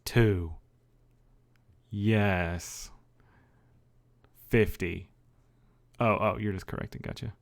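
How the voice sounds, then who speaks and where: A man's voice: fairly low pitch, steady tone, very slow, vocal fry, long pauses. A young man streamer in casual livestream chat, joking and laughing often.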